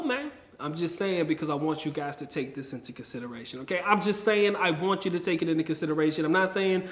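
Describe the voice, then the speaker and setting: Casual American male vlogger, slightly high voice, slangy and emphatic, echoey room. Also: fast talker. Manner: slangy, emphatic, repeats points for effect. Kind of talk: casual talk to camera. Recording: roomy echo.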